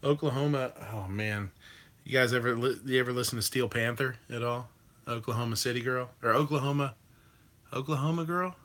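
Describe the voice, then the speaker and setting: A man hosts a live stream in a loose, rambling way, with plenty of ums and the odd curse. His voice is bright and forceful. He reacts freely to what his viewers type. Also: medium pitch, a little fast. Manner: rambling, loose, with swearing and many fillers. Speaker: livestream host reading chat. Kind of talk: casual chat.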